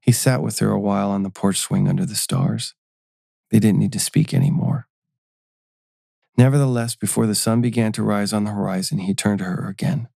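Man reading a story, low and gravelly, mellow dark tone, dry close mic. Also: lively intonation, no echo. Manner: measured, storytelling. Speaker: narrator. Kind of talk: scripted narration.

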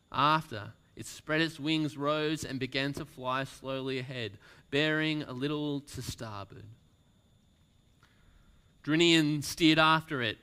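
A pastor reads a story aloud to his congregation as part of a sermon, speaking slowly and deliberately. His medium-pitched voice is bright and crisp, and for emphasis he lets some lines drop almost to a whisper.

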